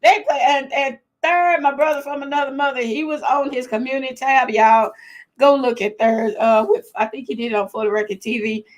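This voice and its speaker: A fairly high-voiced woman hosts a casual live-stream chat from home. She is chatty and excitable, laughs often and talks straight to the people watching. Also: brisk. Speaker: host of a live chat show.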